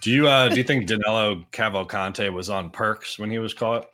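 A man's voice: lowish voice, fairly even intonation, moderate pace, sharp tone. A man hosting a radio show in casual chat, blunt and swearing casually.

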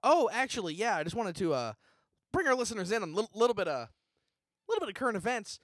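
A man co-hosting a comedy podcast, rambling through deadpan jokes with frequent restarts. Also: sits high, quick pace, dry recording, clean studio sound. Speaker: podcast co-host.

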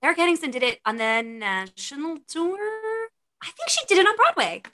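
Woman co-host, high bright voice, playful quick jabs. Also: very animated. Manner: playful, quick interjections, laughs a lot. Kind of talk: casual chat.

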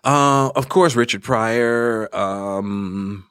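A man's voice: lowish voice, extremely slow, clean tone, no echo, clean studio sound. A man in his sixties, a filmmaker and comedian, telling stories animatedly in an interview. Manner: animated storyteller who slips into impressions. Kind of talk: casual interview talk.

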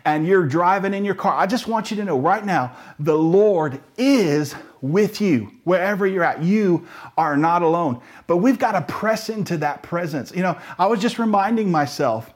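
A man's voice: high-pitched, lively intonation, normal speed. A man preaching a sermon as pastor, earnest and emphatic, with frequent restarts.

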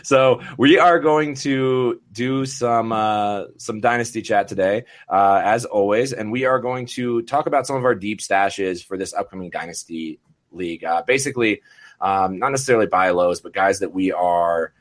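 Low-voiced man hosting a podcast. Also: normal speed. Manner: laughs often, many fillers and restarts. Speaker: podcast host. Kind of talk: casual podcast chat.

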